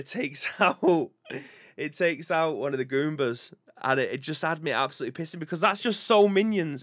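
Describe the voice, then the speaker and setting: A British man hosting a live video game podcast. He rambles in a relaxed, chatty way and restarts his sentences often. His voice sits at an ordinary pitch and is recorded close and dry. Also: no echo. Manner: chatty and rambling, reads out chat comments. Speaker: podcast host. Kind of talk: casual live-stream chat.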